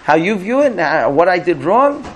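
Frustrated husband, earnest and pleading, pitched slightly high; a male lecturer acts him out. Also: animated, moderate pace, creaky. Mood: exasperated. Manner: earnest, pleading, rising to exasperation.

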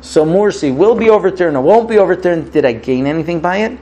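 A man's voice: high voice, expressive, quick pace, a little mellow, low-quality recording. A man giving a religious talk, telling a parable and acting out its dialogue with rising emotion. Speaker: rabbi. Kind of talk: sermon with a parable.

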